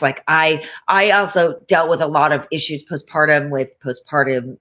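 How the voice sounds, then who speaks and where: A woman's voice: sits low, normal speed, pushed and bright. A woman speaking frankly as a podcast guest, emphatic and conversational, often saying "you know" and "like". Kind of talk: candid conversational storytelling.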